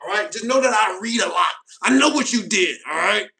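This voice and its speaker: A man's voice: sits high, lively intonation, brisk, creaky, sharp tone, soft background music. An American man hosting a casual stream, reading viewer comments aloud with mock outrage and calling people bro. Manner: joking, mock-offended, calls viewers bro. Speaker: host.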